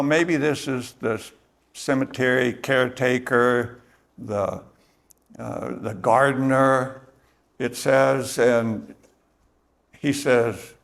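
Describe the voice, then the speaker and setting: A middle-aged man preaching a sermon, retelling the story slowly and thoughtfully, with many pauses and fillers. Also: medium pitch, vocal fry, a bit bright. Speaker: pastor.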